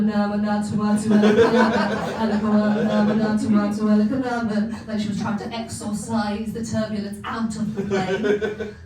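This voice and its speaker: A young woman from England performing a stand-up set, chatty and self-mocking, laughing often as she acts out her family. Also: on the low side. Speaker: stand-up comedian. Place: comedy club stage. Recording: echoey venue from far off, faint hum.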